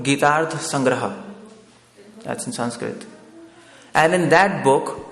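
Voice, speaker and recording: A gravelly, mid-range male voice delivers a discourse in a temple hall, questioning the audience step by step. He repeatedly looks for their agreement with a "no?", and the hall's long reverb makes the recording echoey.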